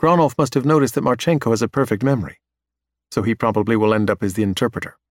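A man reading a science fiction story aloud as narrator, in a steady, even storytelling manner. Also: medium pitch, fast talker, dry recording, studio quality. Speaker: audiobook narrator. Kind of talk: scripted narration.

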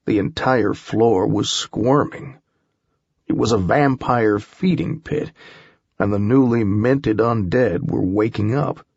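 A man narrating a first-person audiobook in a measured, steady storytelling manner. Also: on the low side, gravelly, husky, no echo, muffled recording.

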